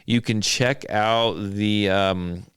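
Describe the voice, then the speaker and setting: A southern Idaho man hosts a relaxed podcast chat from his home studio, his fairly low voice slow, steady in tone, a bit bright, clear, and resonant. His style is wry and rambling, with lots of listing. The recording is clean studio sound with no echo.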